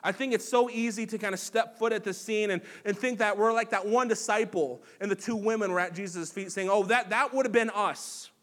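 A man's voice: high voice, steady tone, brisk, few pauses, a bit bright. A man preaching a sermon as pastor, earnest and conversational, with frequent fillers and restarts. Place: church sanctuary.

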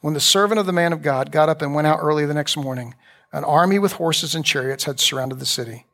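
A pastor preaching a conversational sermon, retelling scripture in a loose, talky way with asides. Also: male voice, fairly high pitch, quick pace, vocal fry, fairly bright tone.

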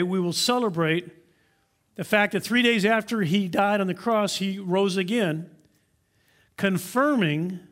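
A man preaching a sermon as pastor, emphatic, slowing down to stress key words and using props to illustrate his point. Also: sits high, fairly bright tone.

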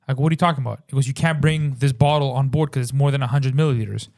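Guy on a podcast rattling off a story super fast, lots of bro and swearing. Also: medium pitch. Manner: animated, swearing, says bro a lot. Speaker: podcast co-host. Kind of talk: casual storytelling chat.

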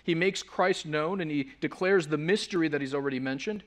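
A man's voice: fairly high pitch, fast talker, few pauses, fairly bright tone. A man preaching a sermon as pastor, earnest and emphatic, posing rhetorical questions.

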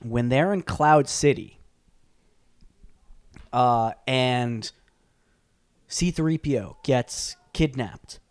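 A man co-hosting a podcast in casual chat, excitable, swearing often and restarting his sentences. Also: medium pitch, extremely slow, long pauses, smooth, no room sound. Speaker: podcast co-host.

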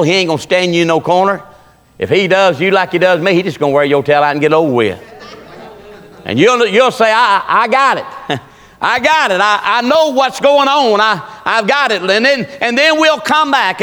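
High, bright preacher man. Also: in a large hall. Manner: folksy storytelling with Southern dialect, rising to shouts. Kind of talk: sermon.

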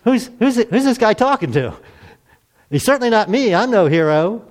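A preacher voicing a frightened, bewildered biblical farmer who politely protests and doubts himself. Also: male voice, sits high, big pitch swings, moderate pace, voice pushed up. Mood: incredulous.

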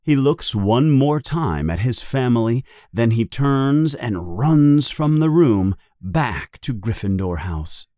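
A man narrating a children's story in a slow, deliberate, expressive way. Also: medium pitch, no room sound, studio quality. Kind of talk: storybook reading.

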